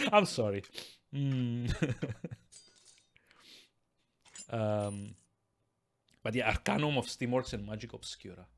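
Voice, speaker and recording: A man's voice: mid-range voice, lively intonation, drawn-out words, vocal fry, pauses often. A man streaming a game live at his desk, chatting casually with viewers in a rambling way, with stammering restarts and frequent chuckles. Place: at his desk with two screens.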